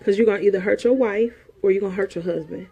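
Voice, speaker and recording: A woman's voice: medium pitch, quick pace, vocal fry, husky, muffled recording, soft background music. A woman counselor giving frank relationship advice in an emphatic, preachy way, repeating her points. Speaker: sexologist and counselor host.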